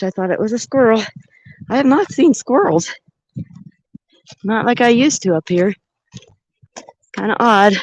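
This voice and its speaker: A woman's voice: mid-range voice, animated, a little slow, pauses often, no echo, rough recording. Woman chatting to her handheld cam while hiking uphill outside, dry close sound. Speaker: vlogger. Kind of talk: casual walking vlog narration. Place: outdoors on a mountain trail. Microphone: handheld camera.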